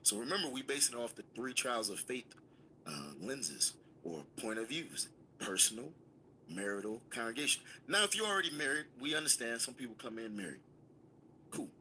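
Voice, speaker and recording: A man's voice: medium pitch, sing-song, normal speed, bright, forceful tone, a little hiss or hum. A man leading a scripture class, emphatic and commanding, calling on a student to read. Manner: emphatic, commanding, call-and-response. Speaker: Bible class teacher.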